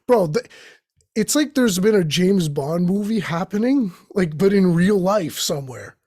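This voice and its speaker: A young male host with a high-pitched, slightly husky voice rambles through a profane comic monologue. He jumps from one tangent to the next and slips into quick impressions. The sound is dry and close to the mic. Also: lively intonation, a little mellow, no echo. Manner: profane, tangent-jumping, acts out quoted voices.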